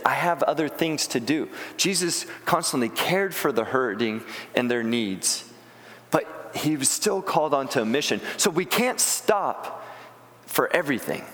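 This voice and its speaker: A man delivers a sermon in a church sanctuary, speaking earnestly and plainly with frequent restarts. His voice sits a little high for a man. The sound carries a long reverb from the hall. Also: a bit bright. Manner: earnest, plain-spoken, restarts words often. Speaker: pastor.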